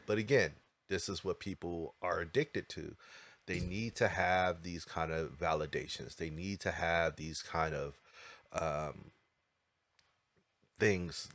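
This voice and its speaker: A man's voice: deep voice, dry recording. A man co-hosting a podcast in casual chat, emphatic and repetitive, sometimes drawing out his words. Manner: emphatic, repeats himself, drawn-out phrasing. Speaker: podcast co-host.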